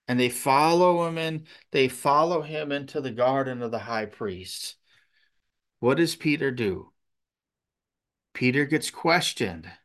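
Slow-talking man preaching a sermon. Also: a little high. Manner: conversational, repeats "okay?", many restarts.

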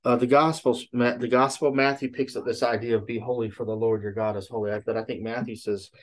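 A man's voice: mid-range voice, little pitch movement, fast. A man preaching a sermon who retells a story with frequent "he said" tags and checks in with "okay?". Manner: retells a story with many "he said" tags, then teaches from scripture. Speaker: pastor.

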